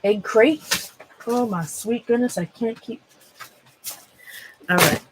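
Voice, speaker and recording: A higher-pitched woman with a Minnesota accent speaks over background noise. Hosting an art livestream, she casually chats with her viewers as she works through a craft demonstration. She rambles, stops herself partway through thoughts, and is quick to laugh.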